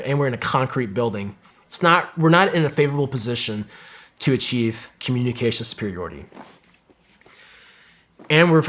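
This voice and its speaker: A man's voice: medium pitch, a bit bright. A man telling an intense combat story as a podcast guest, swearing often and acting out what his teammates said. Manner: intense, profane, storytelling with quoted dialogue.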